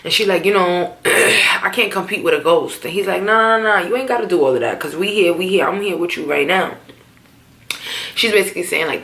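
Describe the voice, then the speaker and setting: A woman's voice: lowish voice, fairly quick. A young woman, casually recapping a TV drama episode, swearing freely and acting out the characters' lines. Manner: animated, swearing, acts out quotes. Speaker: TV recap vlogger.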